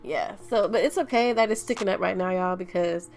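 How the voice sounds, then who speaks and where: A woman's voice: mid-range voice, brisk, creaky, a little mellow, soft background music. A young woman vlogging a hair tutorial at home, sounding stuffy-nosed and out of breath, chatting casually and apologetically with viewers. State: out of breath, congested.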